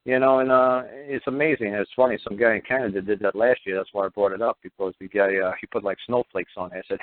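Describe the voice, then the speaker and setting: A man's voice: fairly low pitch, fairly even intonation, quick pace, hardly any pauses, dry recording. A man talking as a guest on call-in radio, rambling and profane, who keeps acting out the people in his stories. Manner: profane, rambling, acts out quoted dialogue. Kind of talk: call-in talk radio monologue. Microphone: telephone. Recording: tinny dry phone line.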